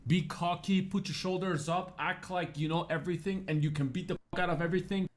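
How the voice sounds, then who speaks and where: A man's voice: high-pitched, fairly even intonation, brisk. A man co-hosting a casual reaction show, sarcastic and crude, mocking what he watches. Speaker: co-host.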